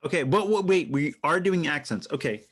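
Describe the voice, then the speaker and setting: A man's voice: a little high, expressive, a little fast, a bit bright, husky. A middle-aged man and father co-hosting a podcast in casual chat, playful and self-mocking, laughing often.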